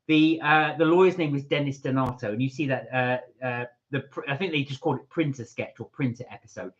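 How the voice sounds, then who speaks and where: A man's voice: medium pitch, fairly quick, highs cut off. Man chatting casually on a live stream. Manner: rambling, hesitant with many fillers. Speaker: channel co-host. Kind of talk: casual live-stream chat reading comments.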